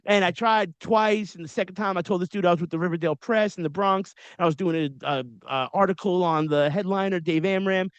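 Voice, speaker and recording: A podcast host in his forties with a high voice talks to guests in a loose, slangy style. He keeps telling long stories full of asides. The sound is dry and close, with no room echo. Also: fairly quick, few pauses, clear, resonant tone. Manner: storytelling with frequent slang and asides. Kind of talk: casual interview chat.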